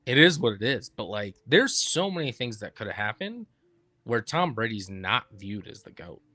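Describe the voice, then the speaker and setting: A man's voice: lowish voice, big pitch swings, normal speed, bright, forceful tone, dry recording. A man co-hosting a sports talk show, making his case with stats and repeating key points for emphasis. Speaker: sports podcast co-host. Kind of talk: casual sports debate.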